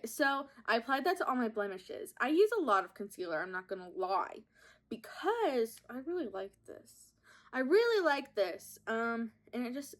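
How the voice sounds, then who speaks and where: A young woman, host of a podcast, chatting casually and giggling while she does her makeup at home and films on her phone. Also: fairly high pitch. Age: young adult. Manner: chatty, giggly, self-mocking storytelling. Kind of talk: casual makeup vlog chat. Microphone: phone camera propped up.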